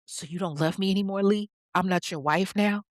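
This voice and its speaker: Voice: medium pitch, dry recording, clean studio sound, natural voice. A scorned woman firing questions, as a narrator puts her on. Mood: hurt. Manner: demanding, rapid questions. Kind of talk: dramatized quote in a podcast.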